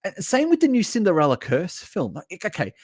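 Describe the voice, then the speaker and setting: A man's voice: high voice, a little fast, no room sound, clean studio sound. A man hosting a live stream, reacting bluntly and with lots of swearing to a list of horror movies. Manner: animated, blunt and sweary, reads chat comments aloud. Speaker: livestream host reviewing horror movies. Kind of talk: casual live reaction chat.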